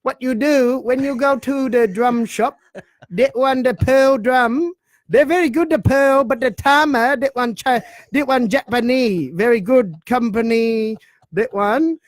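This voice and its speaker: A man's voice: extremely high pitch, a little slow, dry recording, pitched above the performer's own voice. A man putting on a comic Chinese accent in clipped, broken phrases. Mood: playful. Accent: put-on Chinese. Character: man doing a put-on shop-talk accent.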